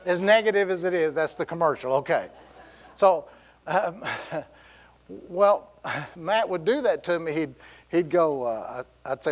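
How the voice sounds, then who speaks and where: A man's voice: on the high side, normal speed. A middle-aged man preaching a sermon in a church, telling stories with laughs and quoted voices. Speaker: pastor. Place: church sanctuary.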